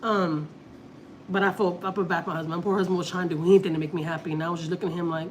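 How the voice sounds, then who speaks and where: A woman's voice: on the low side, fairly even intonation, rapid-fire, slight background noise. A woman from Texas, chatting casually on a family vlog live stream and telling a long story, repeating herself often. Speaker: family vlogger.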